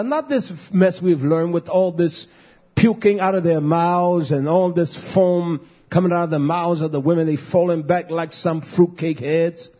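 A man's voice: sits high, breathy edge, dull audio. A man, a pastor preaching a sermon emphatically and calling out to the congregation.

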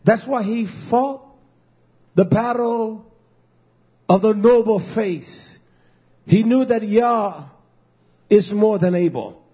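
A man preaching a sermon with emphatic repetition, swinging between quiet low passages and raised calls. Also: takes it slowly, pauses often, husky. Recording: dull lo-fi recording.

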